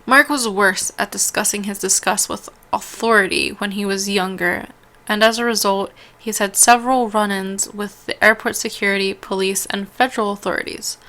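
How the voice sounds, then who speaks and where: Bright-voiced woman reading a story game aloud. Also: medium pitch, steady tone. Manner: reads aloud with stumbles, restarts and quick asides. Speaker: let's-play host.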